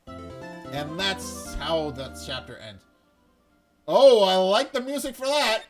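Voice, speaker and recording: A let's play host sums up the chapter in loose, rambling chat. His voice moves a lot in pitch. Game music plays clearly beneath him. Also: sing-song, takes it slowly. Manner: rambling, casual. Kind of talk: reading a game aloud with commentary.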